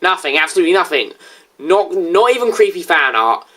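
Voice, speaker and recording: A woman giving casual commentary over a reaction video, blunt and sarcastic, quick to correct others. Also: fairly low pitch, big pitch swings, a bit bright.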